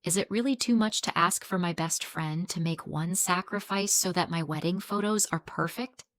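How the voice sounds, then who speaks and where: A woman's voice: lowish voice, normal speed, no room sound, close to an everyday voice. A woman voicing a demanding, dismissive young bride.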